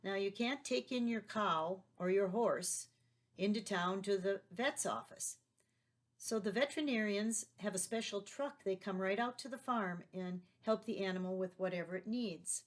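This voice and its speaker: A woman's voice: mid-range voice, moderate pace. Patient woman teaching young children. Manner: patient, leading with tag questions. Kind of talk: remote class lesson for young children.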